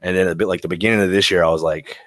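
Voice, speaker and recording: A man's voice: deep voice, steady tone, racing, no room sound. A man guest talking loosely in an interview, full of fillers and casual swearing.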